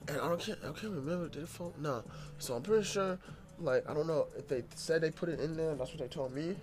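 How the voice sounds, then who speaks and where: A young man telling a rambling, profane story in casual slang, growing loud and animated when worked up. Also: on the high side, fast talker, faint music behind.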